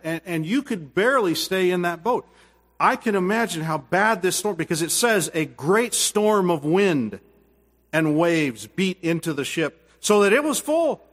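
Earnest preacher man in a reverberant hall. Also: fairly high pitch. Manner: earnest, swings from loud to hushed. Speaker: pastor. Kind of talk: sermon with closing prayer.

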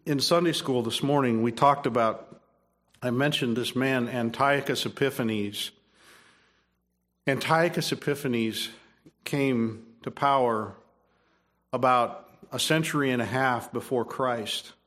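A man's voice: medium pitch, slow, a bit bright. A man preaching a sermon, emphatic, repeating phrases and restarting his sentences. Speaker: pastor.

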